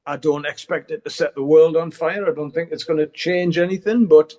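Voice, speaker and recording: A man's voice: a little high, fairly even intonation, fairly quick, a little mellow. A middle-aged man, chatting candidly as an interview guest and swearing freely as he rambles. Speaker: guest musician. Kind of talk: casual interview chat.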